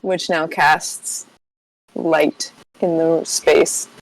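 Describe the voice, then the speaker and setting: A woman's voice: low-pitched, little pitch movement, very slow, gravelly, rough recording. A woman playing a tabletop game, describing her character's actions in a rambling way. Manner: rambling, says like a lot. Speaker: player.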